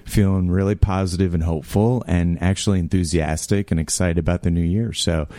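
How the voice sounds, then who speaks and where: A man's voice: low-pitched, fairly even intonation, fairly quick, dark tone, dry recording. A man co-hosting a podcast, chatting casually and upbeat about the new year. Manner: upbeat, enthusiastic. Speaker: podcast co-host. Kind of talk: casual chat.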